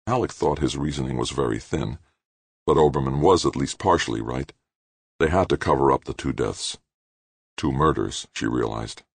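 A man narrating an audiobook in a steady, measured reading. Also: very deep voice, vocal fry, breathy edge, no echo. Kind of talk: scripted narration.

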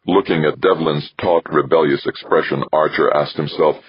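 A man reading scripted audiobook narration at a steady, measured pace. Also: extremely low pitch, breathy edge, no room sound. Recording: dull lo-fi recording.

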